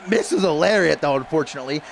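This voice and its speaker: Excitable male wrestling commentator. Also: on the high side, normal speed, gravelly, a little hiss or hum. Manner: excitable, laughing asides, reads viewer tweets. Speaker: play-by-play commentator and streamer. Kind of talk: wrestling video game commentary.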